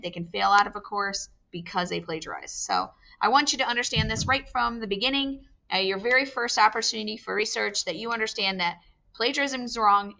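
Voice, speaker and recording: A woman's voice: medium pitch, pushed and bright. A woman teacher giving a recorded lesson to young students, explaining step by step with patience.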